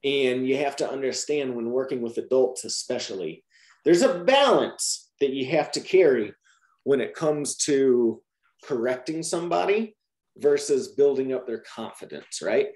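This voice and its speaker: A man's voice: medium pitch, unhurried, roomy sound. A man explaining teaching methods to trainee teachers in a Q&A, often checking with "right?". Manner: lively, repeats "right?" to check understanding.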